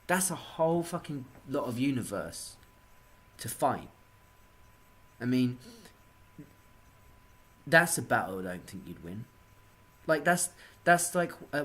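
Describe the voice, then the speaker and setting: A man from England ranting in a casual monologue, swearing often and swinging between low muttering and loud outbursts. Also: big pitch swings, unhurried, pauses often.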